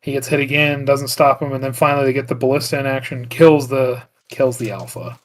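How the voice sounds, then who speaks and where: Fairly quick and steady, a man with a medium-pitched voice co-hosts a podcast. He chats casually through a film's plot in a rambling recap, full of "like" fillers, other filler words and restarts.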